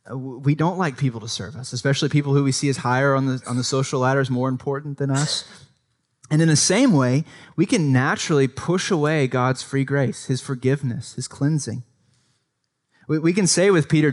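A man's voice: mid-range voice, fairly quick. A man preaching a sermon in a conversational way, often checking in with his listeners and acting out quoted speech with a livelier voice. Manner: conversational, often adds "right?" to invite agreement. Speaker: pastor.

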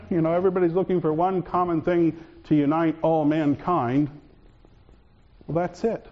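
A man preaching a sermon as pastor, swinging between raised, urgent lines and hushed, calm ones. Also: a little high, highs cut off.

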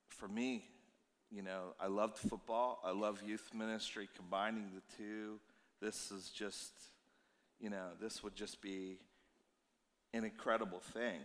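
Tired pastor in an echoing hall. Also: male voice, on the low side. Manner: conversational storytelling, animated and emotional in places. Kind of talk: sermon. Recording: long reverb of a church hall.

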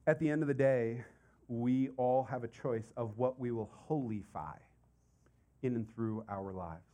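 A middle-aged man preaching a sermon as pastor, conversational and animated, with casual asides and repeated phrases. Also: mid-range voice, unhurried.

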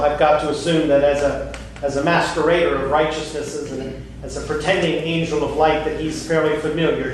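A man preaching from the pulpit, his fairly high voice landing each phrase with measured emphasis. He sounds set back from the microphone, and the church rings with heavy echo under a faint hiss. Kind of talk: sermon. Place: church sanctuary. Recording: echoey hall from far off, faint hiss.

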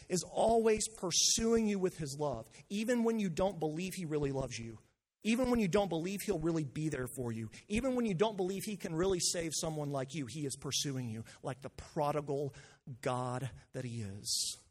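Husky-voiced pastor preaching with rising passion. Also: male voice, a little high, animated, moderate pace, a little mellow. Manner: earnest, building to impassioned peaks, with many restarts. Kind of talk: sermon.

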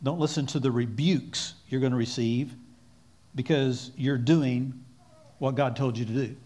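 A man's voice: medium pitch, fairly even intonation, measured pace, mellow. A man preaching a sermon in an earnest, exhorting way, calling on his listeners to repeat lines after him.

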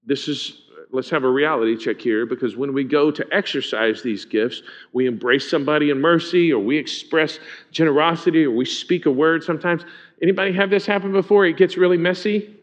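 A man's voice: fairly high pitch, fairly quick. A man preaching a conversational sermon as pastor, speaking informally and often asking the congregation questions. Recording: dull lo-fi sound.

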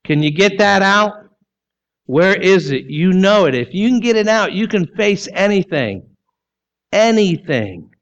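A pastor preaches with emphasis, his fairly high male voice firing off rhetorical questions and then sinking low and soft to drive a point home. The sermon recording is dull and a little lo-fi. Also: sing-song, unhurried.

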